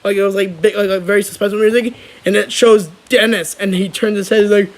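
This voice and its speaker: A young man chatting casually on his channel, rambling and excitable, with lots of restarts. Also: sits high, quick pace, low-quality recording. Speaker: vlogger. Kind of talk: casual chat.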